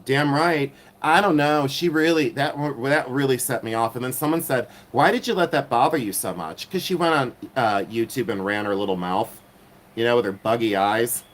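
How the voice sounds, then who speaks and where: A man's voice: mid-range voice, moderate pace, a bit bright. A middle-aged man hosting a casual live stream, rambling with many ums and turning sassy and catty when riled.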